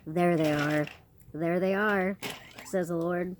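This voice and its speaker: A low-voiced woman delivers prophetic messages with fervent, repeated emphasis. A loud, steady clicking runs behind her voice the whole time. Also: slow. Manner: fervent, repetitive, emphatic declarations; restarts and corrects herself mid-message. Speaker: self-described prophetic channel. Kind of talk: relaying prophetic messages on camera. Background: noisy clicking toy sounds.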